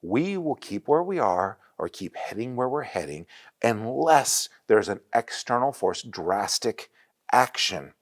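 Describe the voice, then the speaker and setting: Man, forties, pastor, sermon, storytelling, restarts often, mid pitch, very lively intonation. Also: measured pace. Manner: animated storytelling with frequent restarts. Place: church sanctuary.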